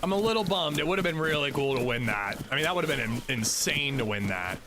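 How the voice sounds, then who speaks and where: Lively chatty man streaming a game. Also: medium pitch, fast, noisy background. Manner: rambling, chatty, self-mocking. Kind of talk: casual livestream chat.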